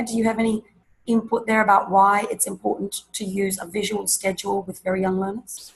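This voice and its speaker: A woman's voice: mid-range voice, fairly quick, low-quality recording. Woman teacher trainer presenting a webinar. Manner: lively, demonstrates classroom voices and chants.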